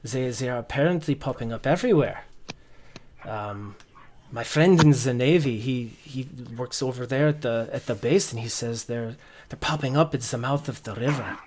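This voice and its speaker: A man voicing a gossiping male city guard who talks in a low, hushed way. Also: normal speed, crowd noise, close to an everyday voice.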